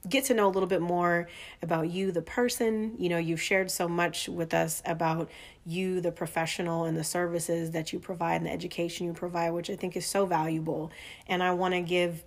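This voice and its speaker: A woman hosting a podcast, guiding her guest calmly and affirming often. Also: fairly low pitch, fairly quick. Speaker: podcast host.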